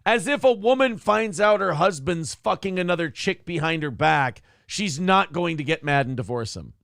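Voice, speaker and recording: A man's voice: a little high, lively intonation, moderate pace, gravelly, a bit bright, no echo, clean studio sound. A man co-hosting a talk show, chatting casually and profanely with sarcastic, mocking asides. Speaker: morning show co-host.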